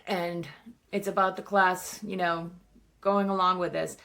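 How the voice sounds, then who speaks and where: Rambling, gravelly-voiced woman vlogger. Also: fairly low pitch, flat delivery, unhurried, fairly bright tone. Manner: rambling, swears freely, says "like" a lot. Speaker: book vlogger. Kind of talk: casual book review chat.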